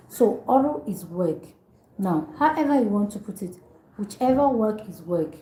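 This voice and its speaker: A woman tutors beginners in a relaxed, chatty way, saying each phrase over and over with small asides. Her voice is mellow and soft-edged. The room gives it a clear echo. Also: medium pitch. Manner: repeats phrases slowly for learners, chatty asides. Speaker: language tutor. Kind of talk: casual spoken language lesson.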